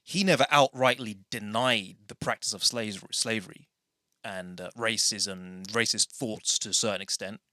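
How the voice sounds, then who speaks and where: Bright-voiced man hosting a podcast. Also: lowish voice, normal speed, no echo, studio quality. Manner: rambling, self-correcting, full of tangents. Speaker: podcast host. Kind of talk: casual conversational podcast.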